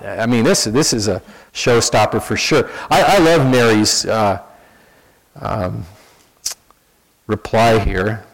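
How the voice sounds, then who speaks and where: A pastor preaches a sermon in an animated, conversational storytelling style, often restarting his sentences. His voice is medium-pitched and the recording quality is low.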